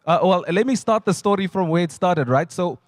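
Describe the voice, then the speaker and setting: A man's voice: high-pitched, expressive, fairly quick, no room sound. South African man hosting a live event. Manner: jokey, chatty, breaks into voices and ad reads. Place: stage at a launch event.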